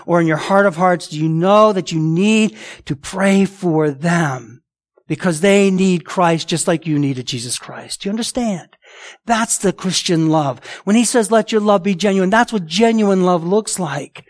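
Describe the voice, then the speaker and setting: A man's voice: sits high, a little slow. A man preaching a sermon, emphatic and direct, asking the congregation rhetorical questions as he reads and explains scripture. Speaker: pastor.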